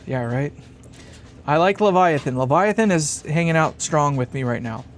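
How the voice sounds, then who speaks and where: A man's voice: fairly high pitch, expressive, normal speed. A man hosting a live stream from a workshop bench, thinking aloud and chuckling as he reads comments. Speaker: live-stream host building a guitar amp. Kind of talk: casual live-stream chat, reading comments.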